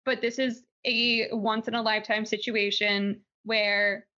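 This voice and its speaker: A woman's voice: medium pitch, little pitch movement, measured pace, bright, forceful tone. A young woman with a slight Southern accent, co-hosting a podcast in casual, opinionated news chat and laughing often. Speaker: podcast co-host. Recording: dull lo-fi podcast audio.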